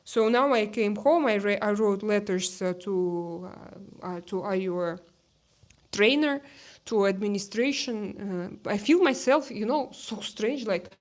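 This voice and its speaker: A woman with a Russian accent hosting a casual livestream chat, reading viewer comments and pausing often with fillers and restarts. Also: medium pitch. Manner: hesitant, many fillers and restarts. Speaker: livestream host. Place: outdoor terrace.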